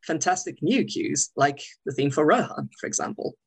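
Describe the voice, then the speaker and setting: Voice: mid-range voice, animated, normal speed, vocal fry, breathy edge. A co-host in a casual film discussion who speaks earnestly and analytically. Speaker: podcast co-host.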